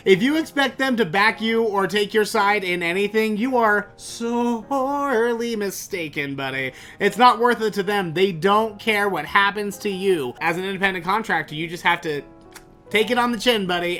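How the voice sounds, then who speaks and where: A man hosting a podcast, telling a story in an animated, exasperated way and swearing freely. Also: high voice. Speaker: podcast host. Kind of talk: casual storytelling monologue.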